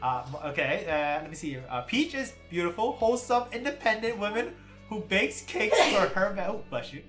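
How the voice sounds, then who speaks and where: A man's voice: high-pitched, lively intonation, normal speed, fairly bright tone. A man hosting a casual livestream, reading viewer comments aloud, thanking viewers by name and laughing often. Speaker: livestream host. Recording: roomy with stream music behind.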